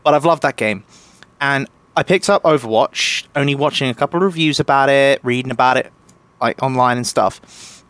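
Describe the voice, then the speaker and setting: A man's voice: mid-range voice, moderate pace, fairly bright tone, clean tone, no room sound. A young man chatting as a podcast guest, gushing with enthusiasm and tripping over his restarts. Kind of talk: casual podcast chat.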